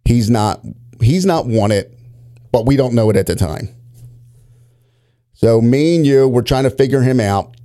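A man's voice: mid-range voice, measured pace, pauses often. A man, a former police officer, telling profane stories in casual chat. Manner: profane, animated storytelling.

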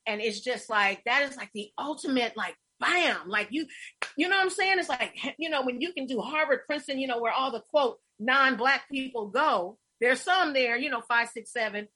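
Middle-aged woman host, husky bright voice, effusive storyteller, casual chat. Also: high-pitched, lively intonation, moderate pace.

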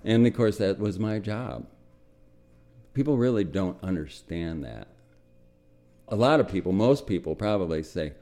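Telling his personal story for a documentary radio segment, an older American speaks low and slowly yet with lively intonation. He is reflective and often sinks into a soft murmur.

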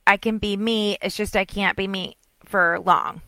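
A woman's voice: medium pitch, steady tone, unhurried, sharp tone, no echo. A middle-aged woman chatting casually as a podcast co-host, telling rambling stories and acting out what people said. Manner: chatty, rambling storyteller, acts out quotes. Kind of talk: casual chat.

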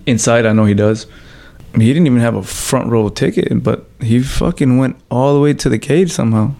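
A professional fighter telling stories in a casual interview, loose and full of swearing, with fillers like "you know" and "like.". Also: male voice, mid-range voice, normal speed, vocal fry, warm tone.

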